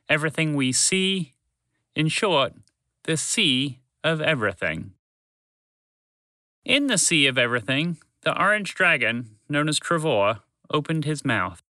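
Expressive man telling a children's story. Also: on the high side, dry recording. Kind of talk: children's bedtime story narration.

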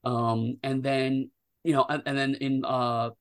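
A man with an ordinary mid-range voice talks as a guest about designing games. He rambles, restarts sentences and stays animated throughout. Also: mid-range voice, measured pace. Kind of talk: casual interview chat.

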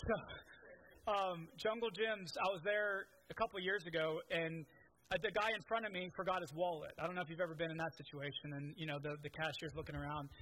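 A man's voice: a little high, steady tone, fast, sharp tone, slight background noise, rough recording. A man preaching a sermon, telling stories in a conversational way with many restarts. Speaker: pastor.

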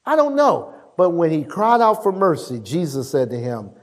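High, lively-voiced preacher in a reverberant hall. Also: male voice. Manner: emphatic preaching, drawn-out words, quoting scripture with dramatic voices. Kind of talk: sermon.

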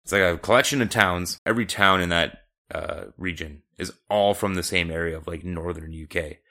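A man's voice: sits low, normal speed, pushed and bright. A man from Canada co-hosting a podcast, joking and tossing in sardonic asides in casual chat. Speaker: podcast co-host.

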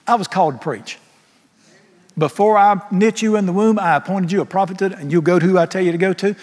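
A man's voice: sits high, fast, darkish tone. A middle-aged man preaching a sermon, emphatic and folksy, with humorous asides. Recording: long hall reverb.

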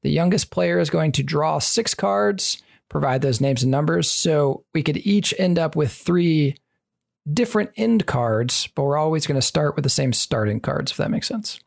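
Brief: gravelly-voiced player who walks through game rules step by step, um-ing along the way. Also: medium pitch, expressive, moderate pace. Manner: explains step by step with frequent fillers. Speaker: rules explainer. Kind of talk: casual rules explanation.

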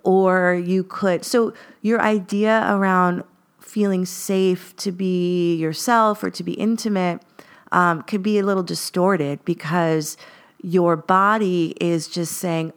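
A woman's voice: lowish voice, fairly even intonation, takes it slowly, clear, resonant tone. Podcast host, female, earnest and reflective, casual confessional talk. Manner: earnest, lots of fillers, rising emphasis.

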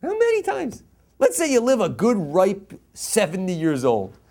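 Animated man giving an emphatic Torah lecture. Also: high-pitched, unhurried. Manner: emphatic, repeats key phrases, mixes in Hebrew quotes; passionate and jokey. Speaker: rabbi teaching a class. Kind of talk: Torah lecture to a live audience.

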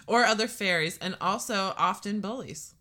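A woman's voice: mid-range voice, unhurried, bright, forceful tone. A woman co-hosting a casual podcast chat, reading notes aloud and breaking into giggles. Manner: giggly, reads notes aloud between laughs. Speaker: podcast co-host.

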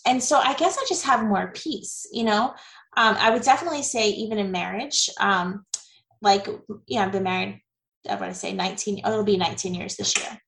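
A woman in her forties is a guest in a casual interview, telling her story candidly and chattily with plenty of fillers and laughter. Her medium-pitched voice is slightly bright, and the audio is poor and reverberant.

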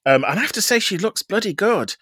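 A man's voice: high voice, expressive, a little fast, a bit bright, slightly rough, dry recording, clean studio sound. A man guest-reviewing a show on a podcast, rambling and gossipy in casual chat. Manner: rambling, many fillers and restarts, gossipy.

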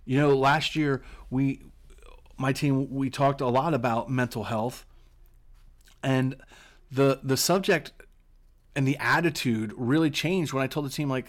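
A man's voice: medium pitch, measured pace, long pauses. Earnest man coaching on a podcast. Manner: earnest, repeats words when starting phrases. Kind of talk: solo podcast teaching.

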